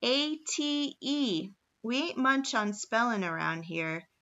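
A woman voicing a loud, brash frontier auctioneer who rattles off repeated bids. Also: high-pitched, unhurried, dull audio, heavily acted. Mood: teasing.

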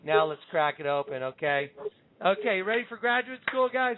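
Against a noisy background, a high-voiced man teaches scripture on a call-in show over phone-line audio. He speaks at a moderate pace with lively intonation, dramatizing quotes as an emphatic storyteller host.

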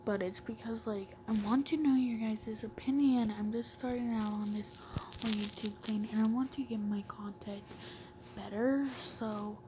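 A woman's voice: on the high side, steady tone, moderate pace, background noise. A woman talking casually as a new YouTuber, rambling with many fillers and often half-whispering. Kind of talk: casual comic-reading vlog.

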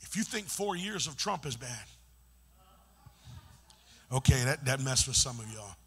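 A man preaching a sermon in call-and-response style, chanting and building to shouts. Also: medium pitch, sing-song, a little slow, husky.

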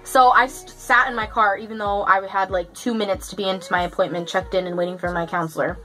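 A woman's voice: mid-range voice, fairly even intonation, quick pace, bright, forceful tone, faint music behind, rough recording. A young woman chatting through a story for her vlog, casual and profane, full of fillers. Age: young adult. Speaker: vlogger.

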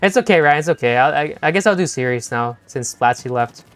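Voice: mid-range voice, animated, fairly quick, soft background music. A young-adult game streamer chatting playfully with viewers during a live session, laughing often and teasing the chat.

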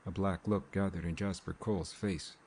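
A man narrating an audiobook in a measured, unhurried reading. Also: sits low, fairly even intonation, darkish tone, slight background noise.

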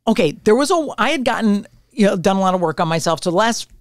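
A brash woman in her sixties spins profane, animated stories as a podcast guest. Her voice sits at an ordinary middle pitch. The sound is dry and close on a podcast mic. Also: quick pace, no echo. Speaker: podcast guest, retired comedian. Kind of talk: casual storytelling. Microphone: podcast mic on camera.

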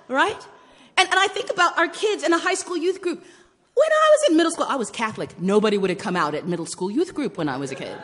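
A woman in her forties telling personal stories in a sermon, swinging between hushed whispers and loud exclamations. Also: high voice, very animated, fairly quick, big-room sound. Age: 40s. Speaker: guest preacher and storyteller. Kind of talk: storytelling sermon. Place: church sanctuary.

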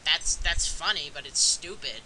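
A man's voice: on the high side, lively intonation, a little slow, crowd noise. A man co-hosting a video game let's play, teasing and joking in casual commentary. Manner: joking, teasing, playful bits and mock accents. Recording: noisy home recording.

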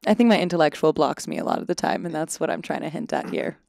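A woman's voice: deep voice, very animated, quick pace, gravelly, a little mellow, no echo, studio quality. A woman in her twenties, a guest on a podcast, chatting casually with lots of fillers and self-deprecating asides. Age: 20s. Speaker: actor and guest. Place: Los Angeles.

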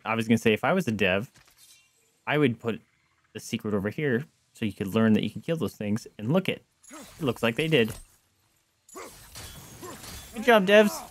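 A young man streaming a game, chatting casually to viewers in a rambling way, with excited yelps and outbursts. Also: medium pitch, moderate pace, pauses often. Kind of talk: casual gameplay chat to viewers.

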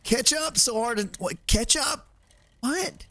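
Casually commentating on a survival game, a man talks to his chat and the game in a playful, jokey way. His voice is very high, animated, and sharp, unhurried, with no echo.

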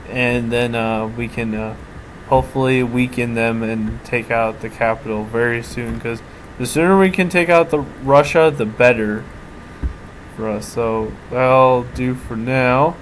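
A man's voice: medium pitch, rough recording. A man giving casual commentary while playing a strategy game, thinking aloud, often trailing off and restarting his sentences. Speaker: let's play commentator. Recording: audible background noise.

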